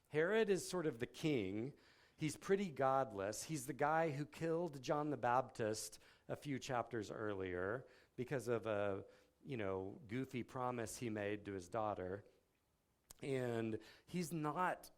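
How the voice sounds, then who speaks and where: A man's voice: mid-range voice, a little mellow. A man speaking at a campus ministry, giving a casual, conversational sermon with folksy, explanatory asides.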